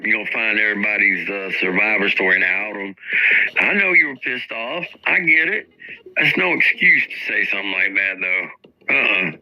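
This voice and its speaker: A man's voice: mid-range voice, creaky, muffled recording. A man hosting a livestream, ranting heatedly and profanely while he talks straight to his chat. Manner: profane, indignant, addresses chat directly. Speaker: livestream host.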